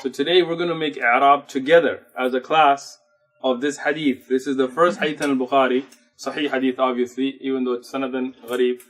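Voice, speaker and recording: A man teaching an Arabic grammar class in a mosque classroom, patiently explaining terms in English mixed with Arabic words and quickly reciting Arabic passages. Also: mid-range voice, little pitch movement, a bit bright. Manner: recites Arabic text rapidly. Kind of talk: classroom lecture.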